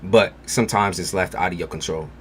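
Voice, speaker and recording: Deep-voiced blunt man reading tarot. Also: brisk, a bit bright, slight background noise. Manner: blunt, casual, reassuring. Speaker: tarot reader. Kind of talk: live-stream tarot reading.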